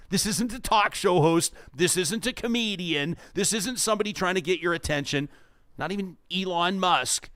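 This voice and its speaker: A Canadian man hosting a political talk show, speaking emphatically and reading quotes aloud with a lively voice. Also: a little high, no echo, studio quality.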